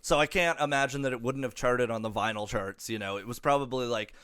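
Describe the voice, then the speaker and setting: A man's voice: mid-range voice, quick pace, fairly bright tone, smooth. A young man co-hosting a music podcast, chatting loosely with lots of swearing and filler words. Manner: loose and profane, many fillers. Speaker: podcast co-host. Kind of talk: casual chat about music.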